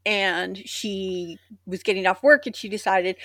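A woman's voice: medium pitch, steady tone, a little slow, few pauses, a bit bright, dry recording, clean studio sound. A young adult woman co-hosting a podcast, chatting casually and reading an old news article aloud with sarcastic asides. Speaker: podcast co-host.

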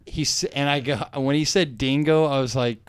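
Young guy on a comedy podcast, smooth clear voice, dry close sound, rambling story, acting out what people said. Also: mid-range voice, fairly even intonation, moderate pace, dry recording. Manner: rambling, laughing, acts out quoted lines. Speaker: podcast co-host.

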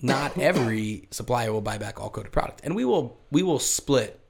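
A man's voice: medium pitch, normal speed, vocal fry, background noise. A man in casual chat, telling stories from the beer trade and acting out quotes with laughter. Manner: storytelling, animated quotes, laughs often. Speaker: brewery sales rep.

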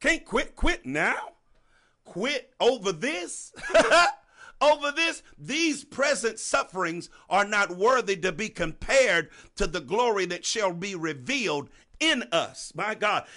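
A high-pitched man preaches a sermon to his congregation. He repeats phrases for emphasis, calls out to listeners by name, and swings between soft and loud.

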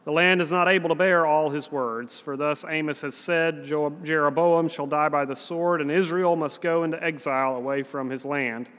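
A man's voice: a little high, fairly even intonation, moderate pace, few pauses, fairly bright tone, voice pushed down, close to an everyday voice. A man with a Southern US accent reading the words of a stern male temple priest, in a solemn scripture-reading manner. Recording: long reverb in a large hall.

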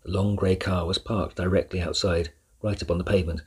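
A man narrating a children's novel chapter by chapter in a measured, steady reading. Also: sits low, husky. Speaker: audiobook narrator. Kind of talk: scripted storybook narration.

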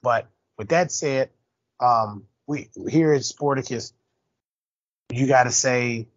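A middle-aged man hosting a podcast, talking bluntly and profanely with quick jabs. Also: medium pitch, no echo, dull audio. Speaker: podcast host. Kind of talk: casual chat.

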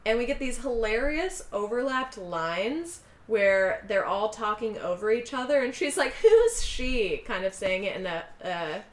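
A woman retelling a movie scene by scene in a relaxed chatty way, slipping into quick voices for each character she quotes. Her pitch sits in the middle range for a woman. The room around her is noticeably echoey. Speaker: podcast co-host recapping a film. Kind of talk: casual chat.

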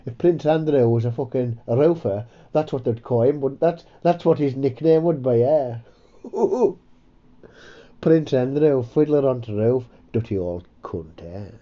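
A man's voice: mid-range voice, measured pace, highs cut off. A man hosting a comedy podcast, rambling, sweary and self-mocking. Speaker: podcast host. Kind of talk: casual comedy chat.

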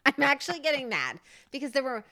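Playful lively woman from New Jersey. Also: high voice, moderate pace. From New Jersey, USA. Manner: playful, laughing, swears. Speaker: podcast co-host. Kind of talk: casual chat.

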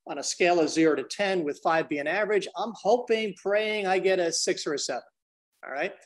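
A man's voice: sits high, fairly quick. A man as a podcast guest, explaining business ideas energetically and acting out little dialogues. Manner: energetic, acts out dialogues in different voices; addresses the host by name often. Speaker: business consultant and trainer.

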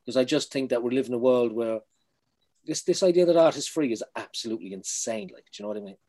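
A man's voice: mid-range voice, quick pace, dark tone. An Irish man, a spoken-word poet, talking earnestly in a casual interview and often repeating words as he goes. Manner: earnest, repeats words while finding them.

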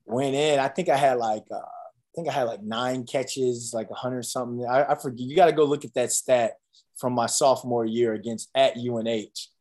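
A man's voice: medium pitch, normal speed. A man in his thirties, a former college football player, telling stories in a casual interview, acting out quotes with lots of fillers. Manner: animated storyteller, acts out quotes, many fillers.

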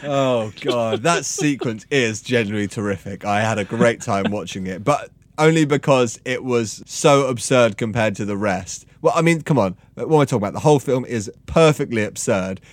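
A man hosting a casual film podcast, animated, amused and opinionated. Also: medium pitch, moderate pace. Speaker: podcast host.

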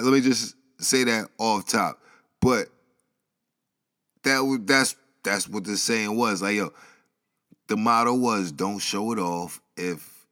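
This commentary vlogger, medium-pitched with a fairly bright tone, recounts a news story in loose, rambling fashion. Slang and asides fill his talk, and he chuckles at his own remarks.

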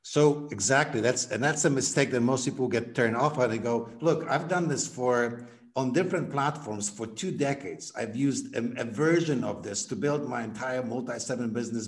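A man on a podcast explaining sales messaging, energetic and acting out sample conversations. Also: medium pitch, normal speed. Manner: energetic, acts out example dialogues. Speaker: guest, sales coach. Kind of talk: podcast interview.

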